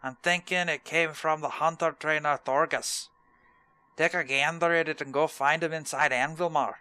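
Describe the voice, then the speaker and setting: A man voicing a gruff male dwarf quest-giver in a clumsy put-on Scottish accent, reading in a brusque, booming way. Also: steady tone, normal speed, sharp tone, no room sound. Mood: hearty. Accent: Scottish, put on badly.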